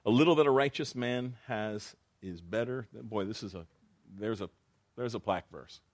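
A very low-voiced man preaching through scripture verse by verse. His talk is loose and conversational, with repeated phrases and restarts as he explains each line. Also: moderate pace. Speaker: pastor. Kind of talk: verse-by-verse Bible teaching.

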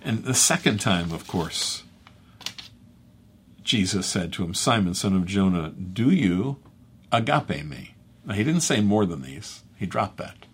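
A man speaking as a pastor, teaching through a scripture passage in a conversational, halting way and correcting himself as he goes. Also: deep voice, very animated, slight background noise. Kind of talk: bible teaching.

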